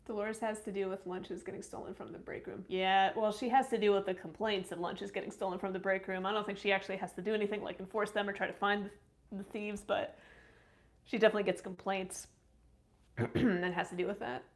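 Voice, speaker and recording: A woman's voice: medium pitch, flat delivery, brisk. A woman chatting casually on a live stream, reading viewer comments aloud and answering them.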